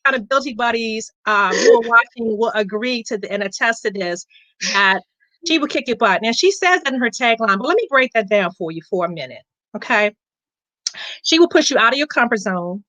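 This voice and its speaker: A woman guest shares a lively testimonial in a high, bright, tense voice, laughing and repeating herself as she goes. The sound is dry and close to the mic. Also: a little fast, no room sound, low-quality recording. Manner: animated, laughing, repeats words. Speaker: coaching client guest. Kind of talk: casual testimonial chat.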